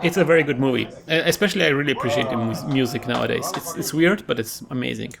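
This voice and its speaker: A man casually commentating his own tournament card game, chatty and quick to laugh, often restarting words. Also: mid-range voice, gravelly, a crowd in the background.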